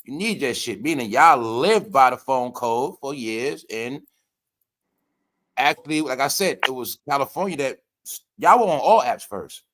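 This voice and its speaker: A man's voice: mid-range voice, expressive, normal speed, fairly bright tone. Emphatic profane New man. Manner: profane, emphatic, repeats himself. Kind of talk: casual chat.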